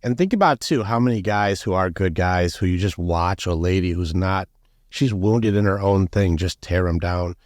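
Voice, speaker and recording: A man coaching on masculinity in a podcast conversation, animated and blunt, acting out quoted voices. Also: deep voice, normal speed, no echo, clean studio sound. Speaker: guest, men's coach.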